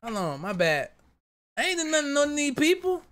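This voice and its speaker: A young man talks through a video reaction in a high, bright voice. He rambles, swears freely and keeps defending himself in loose casual chat. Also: huge pitch swings, fairly quick.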